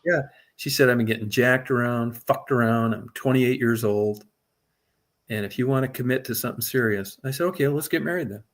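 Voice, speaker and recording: In a mid-range voice at ordinary speed, a middle-aged man recounts a long personal story conversationally, peppering it with profanity and plenty of animated energy.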